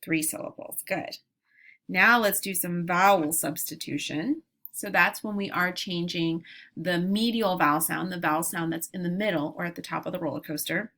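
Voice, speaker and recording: A woman teacher leading a phonics lesson for young children, modeling each word slowly and deliberately. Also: fairly low pitch, fairly bright tone.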